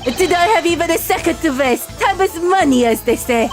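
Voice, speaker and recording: A woman's voice: very high voice, animated, a little fast. A woman voicing a pompous, impatient wealthy male art dealer with a thick made-up foreign accent, over game music. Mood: haughty.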